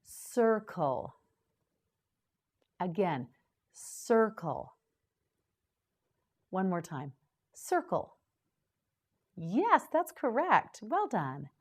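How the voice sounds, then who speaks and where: A woman teaching English vocabulary to beginners, saying each word slowly and clearly, asking the listener to repeat it, then explaining it in simple sentences. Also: mid-range voice, sing-song. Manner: very slow, repeating words for the learner to echo.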